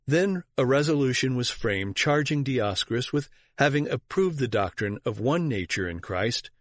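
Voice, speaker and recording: A man giving scripted narration of church history in a measured, formal reading voice. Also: mid-range voice, expressive, dry recording, studio quality. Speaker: audiobook reader.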